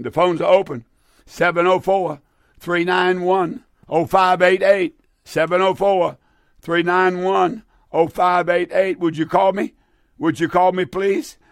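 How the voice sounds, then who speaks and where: A man preaching a fervent radio sermon as a call-in host, repeating phrases and slowly drawing out the scripture he reads. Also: high-pitched, creaky, no room sound, studio quality.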